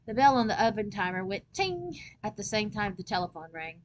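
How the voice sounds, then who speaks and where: A woman reading a children's chapter book aloud as a storyteller, with lively first-person narration. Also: medium pitch, fairly quick, hardly any pauses, a little hiss or hum, low-quality recording.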